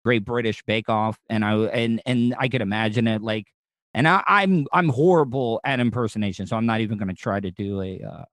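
A man's voice: lowish voice, brisk, a bit bright, no echo. A man hosting a radio interview, chatting casually in a rambling, jokey way full of stammered restarts.

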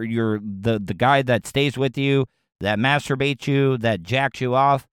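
A man's voice: mid-range voice, unhurried, smooth, no room sound, clean studio sound. A man hosting a radio show, riffing on a news story with crude, rambling jokes and frequent restarts. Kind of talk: casual comedic commentary.

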